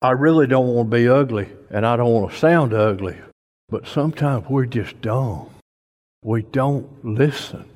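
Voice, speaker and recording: A preacher gives a folksy, emphatic sermon at a slow pace, his medium-pitched voice pushing up toward near-shouts. It sounds like a church, with long reverb hanging on every word.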